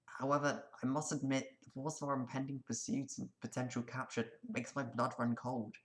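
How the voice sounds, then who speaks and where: A man's voice: medium pitch, flat delivery, fairly quick, a bit bright, natural voice. A man voicing a timid, polite teenage troll boy who stammers as he talks in an amateur audio drama. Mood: nervous.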